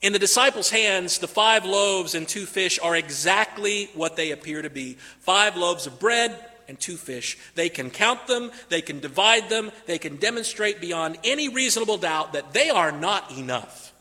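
A man preaching a sermon, deliberate and repeating phrases for emphasis. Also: high-pitched, animated, bright, forceful tone, big-room sound.

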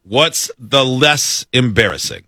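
A man's voice: medium pitch, animated, slow, sharp tone, dry recording, studio quality. A man hosting a radio talk show, joking and laughing with his co-hosts. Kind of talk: casual radio banter.

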